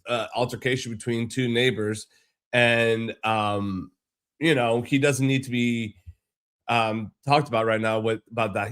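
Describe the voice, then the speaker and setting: A man talks through a reaction video in a loose, rambling way, stopping and restarting often. His voice sits at an ordinary middle pitch. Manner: rambling, full of fillers and restarts. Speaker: commentary host.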